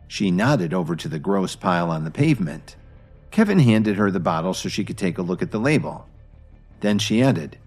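A man reads a story aloud in a low, husky voice. His delivery swings lively up and down, with faint music underneath. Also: moderate pace. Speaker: narrator. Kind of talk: scripted narration.

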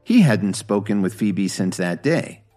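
A man reading a story aloud in scripted narration, steady and even. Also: fairly low pitch, unhurried, faint music behind.

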